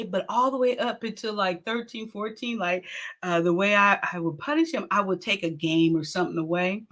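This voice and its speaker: A middle-aged woman host telling a story in a casual, animated way, laughing often and acting out what people said. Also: medium pitch, moderate pace. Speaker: talk show host.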